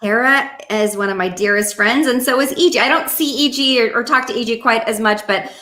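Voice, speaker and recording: A bright, fairly high-pitched woman chats as an interview guest. She tells stories playfully, laughs often and drops into quick character voices. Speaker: guest voice actress. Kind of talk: casual interview chat.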